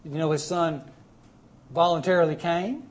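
A male preacher delivers a sermon in a fairly high voice. He speaks emphatically and swings between loud and soft. He repeats words and phrases for stress. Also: fairly even intonation, normal speed.

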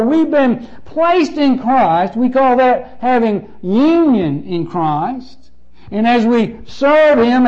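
A man's voice: very high voice, a little mellow, lo-fi sound. A man preaching a sermon as pastor, emphatic and repeating phrases with shifting stress.

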